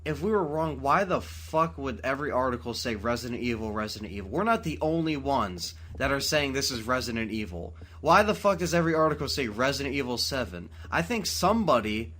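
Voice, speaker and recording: Excitable podcast host, a man with a bright voice and faint noise behind, swearing in late-night casual chat. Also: medium pitch, brisk, few pauses. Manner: excitable, swears freely, laughs a lot. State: tired from talking at four in the morning.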